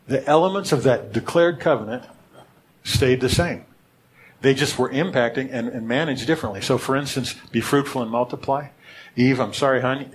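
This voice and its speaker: A man's voice: medium pitch, slight background noise. A man teaching a sermon in a conversational way, often checking in with his listeners and restarting his sentences. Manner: restarts and repeats words. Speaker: pastor.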